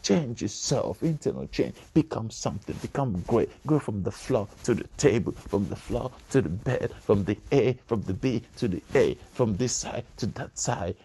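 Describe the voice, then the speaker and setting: Motivational guy preaching, gravelly and husky, low and dark, keeps repeating himself. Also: lively intonation, moderate pace, few pauses. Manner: preachy, repeats phrases, builds to emphatic bursts. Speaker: motivational speaker. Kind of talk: motivational speech.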